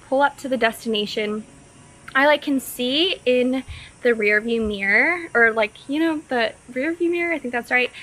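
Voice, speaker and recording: A woman's voice: high-pitched, bright, forceful tone, slight background noise. A young woman from Texas telling a personal story in a casual, earnest and bubbly way, with lots of filler words. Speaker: vlogger.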